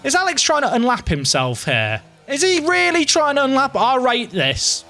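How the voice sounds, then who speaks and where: A young man giving live, excitable commentary to his viewers while playing a game, dramatic and self-mocking. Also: extremely high pitch, moderate pace, hardly any pauses, soft background music. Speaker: game streamer.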